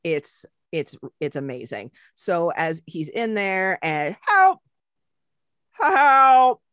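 A woman's voice: low-pitched, lively intonation, slow, dry recording, clean studio sound. A woman co-hosting a podcast, retelling movie scenes in casual, profane chat. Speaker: podcast co-host.

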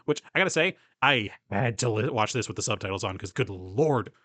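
Fast-talking rambling young man. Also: fairly low pitch, lively intonation, sharp tone, no room sound. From US East Coast and Southeast. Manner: rambling, self-interrupting, laughs often. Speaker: podcast co-host. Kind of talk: casual chat.

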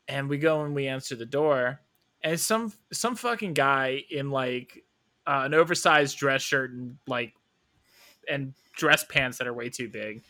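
A man as a podcast guest, telling stories in a casual, animated way, laughing often and swearing freely. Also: mid-range voice. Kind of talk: casual storytelling.

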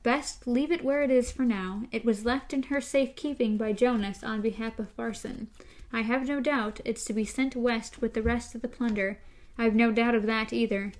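A woman reading out a calm young man's lines in her own measured voice. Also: fairly high pitch, close to an everyday voice. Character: young man, calm steady gunslinger.

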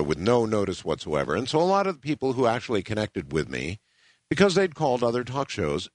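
A man hosting a late-night call-in radio show, talking in a slow, musing way. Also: fairly low pitch, dry recording. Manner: slow, musing, drawn-out delivery. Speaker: radio talk show host.

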